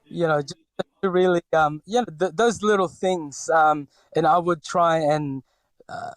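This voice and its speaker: A slightly slow, higher-than-average male voice comes from a Filipino man in his forties with a light accent. There's no room sound. As a podcast interviewee, he hesitates a lot, restarting sentences and leaning on fillers.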